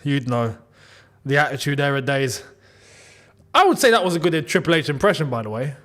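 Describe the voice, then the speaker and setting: Lively high-voiced football host. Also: male voice, brisk. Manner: chatty, laughs often, talks to the chat. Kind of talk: live watchalong commentary.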